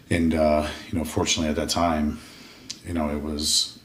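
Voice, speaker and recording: A man's voice: rumbling low, flat delivery, normal speed, a little hiss or hum. A man guest on a podcast, telling a rambling, profane story with many restarts in a casual interview. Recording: roomy echo, distant mic.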